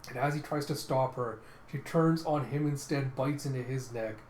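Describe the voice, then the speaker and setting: A man's voice: mid-range voice, normal speed, darkish tone. A man casually narrating a comic readthrough in a rambling play-by-play with fillers. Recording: roomy echoey room with faint hiss.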